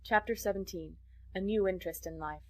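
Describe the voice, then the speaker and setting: A woman narrating a classic novel as an audiobook, measured and expressive. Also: mid-range voice. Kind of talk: scripted narration.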